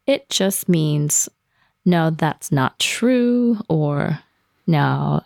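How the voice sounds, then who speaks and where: Low gravelly woman explaining slowly. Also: expressive, a little mellow, no echo, clean studio sound. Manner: laughs often, explains slowly. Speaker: language teacher. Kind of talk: casual language lesson.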